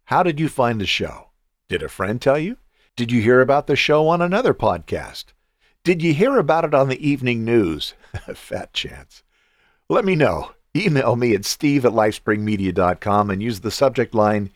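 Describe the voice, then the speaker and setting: A man's voice: mid-range voice, sing-song, moderate pace, dry recording, studio quality. Earnest, encouraging male podcast host. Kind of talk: devotional podcast talk.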